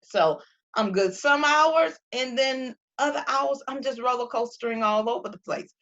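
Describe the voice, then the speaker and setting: A woman talking casually to viewers about faith and feelings, acting out her own quotes in an animated way. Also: sits high, normal speed, lo-fi sound.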